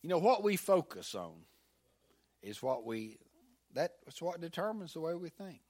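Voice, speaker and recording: Preaching with lively energy, this older male pastor speaks at a measured pace in a slightly high voice, alternating forceful, loud points with hushed side remarks.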